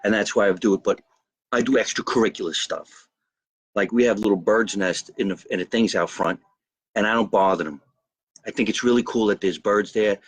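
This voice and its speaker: Low-voiced New man rambling to viewers. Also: a little fast, husky, no room sound. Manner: rambling, boastful, greets viewers by name. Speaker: host of a live comedy show. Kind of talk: live-stream comedy monologue. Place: backyard by a grill and pool, outdoors.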